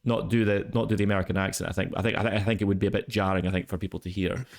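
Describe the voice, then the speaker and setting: A man's voice: sits low, steady tone, very fast, vocal fry. A man hosting a casual podcast chat, talking in a hesitant way with many restarts. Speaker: podcast host.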